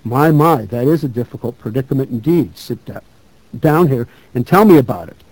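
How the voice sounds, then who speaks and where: A man voicing a gentle, cheerful old man in his seventies as he reads a story aloud. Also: mid-range voice, big pitch swings, moderate pace, husky, dry recording, low-quality recording. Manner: gentle, beaming, easygoing.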